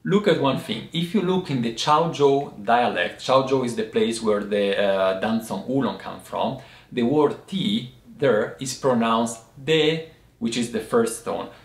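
Man, tea teacher, patient explanations with pauses, medium pitch, roomy echo. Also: vocal fry. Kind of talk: language and tea lesson. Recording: roomy echoey room.

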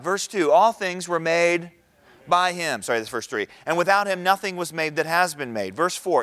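A middle-aged man delivers a talk in church with a somewhat high voice. He keeps it conversational, checking in with the crowd with quick questions. His delivery is animated, swinging up and down in pitch. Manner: conversational, asks the audience questions. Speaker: speaker at a church event. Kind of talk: sermon-style talk.

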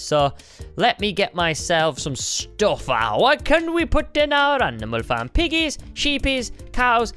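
A man's voice: medium pitch, a bit bright. A young man, talking viewers through building in a video game in a chatty, upbeat way. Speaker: gaming video host. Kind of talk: game commentary.

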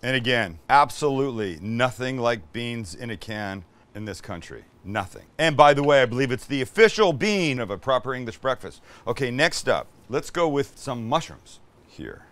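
A man's voice: mid-range voice, big pitch swings, normal speed, hardly any pauses, fairly bright tone. A man from Canada, hosting a casual cooking demonstration in a home kitchen. He talks chattily and enthusiastically and swears now and then. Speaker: cooking show host.

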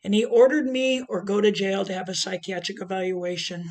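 A middle-aged woman giving an emotional personal testimony as a transgender advocate, speaking emphatically with big swings in loudness. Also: medium pitch, flat delivery, fairly quick.

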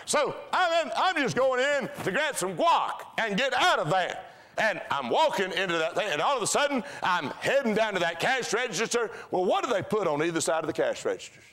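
Folksy preacher, slightly high voice. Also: male voice, pushed and bright. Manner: folksy, storytelling preacher with repetitive cadence. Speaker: pastor. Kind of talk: sermon. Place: church sanctuary.

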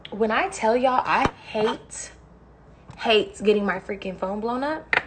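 A woman's voice: a little high, unhurried, noisy background. A young woman talking bluntly and with heavy swearing while she cooks in her home kitchen on a phone livestream. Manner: blunt, profane, ranting. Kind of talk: casual livestream chat while cooking.

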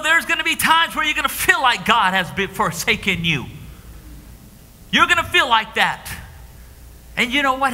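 A man preaching a sermon, swinging between hushed whispers and shouted declarations, recorded live in a church. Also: extremely high pitch. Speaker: pastor. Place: church sanctuary. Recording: live church stream with long hall reverb.

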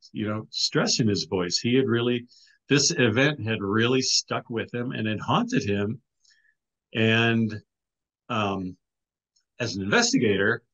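The highs are cut off in this clip of a middle-aged podcast guest, an author and filmmaker, whose voice is medium-pitched and fairly bright. He relates a story in a relaxed way, frequently starting over and dropping "you know"s.

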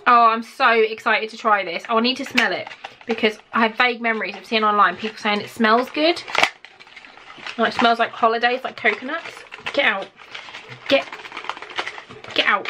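A woman with a British accent, chatting to camera as she unboxes gifts in an excitable, gushing way full of gasps. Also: on the high side, normal speed, long pauses, noisy background. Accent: British English. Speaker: vlogger.

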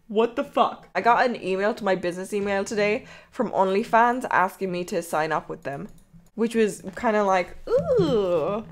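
A young Irish woman streaming, chatting casually in a rambling way and swearing freely. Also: medium pitch.

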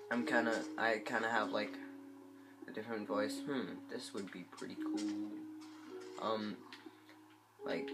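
A man who is sick, giving rambling, hesitant gameplay commentary into a phone mic. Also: lowish voice. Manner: rambling, hesitant, many fillers. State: sick, congested voice. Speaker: gameplay channel host. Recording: guitar music playing behind. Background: guitar music.

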